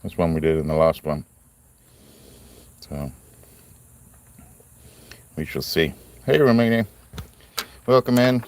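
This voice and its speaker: A man's voice: a bass voice, animated, slow, long pauses, darkish tone. A man hosting a casual live stream, chatting in a rambling, friendly way and greeting viewers by name. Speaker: livestream host cutting stones.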